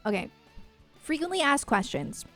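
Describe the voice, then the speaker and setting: A woman's voice: sits high, sing-song, normal speed, a bit bright. A young woman streamer chatting casually and gushing as a fan, filling her talk with "like" and "um". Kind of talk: casual livestream chat. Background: faint music.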